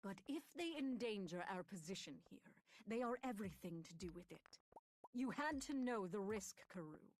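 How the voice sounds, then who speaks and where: A man's voice: high voice, animated, slow pace, hardly any pauses, a little mellow, a little hiss or hum, voice pushed up. A woman voicing a stern male war leader who speaks in a firm, lecturing way, read from an audiobook.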